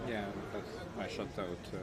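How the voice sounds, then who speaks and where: A man from France with a French accent, a native French speaker, chatting casually in English and explaining things in a halting way with dry humor. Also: fairly low pitch, steady tone, husky. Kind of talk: casual chat.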